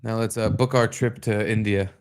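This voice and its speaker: A man's voice: lowish voice, fairly even intonation, normal speed, noisy background. A man co-hosting a podcast in casual chat, profane and joking, often rambling between thoughts. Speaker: podcast co-host.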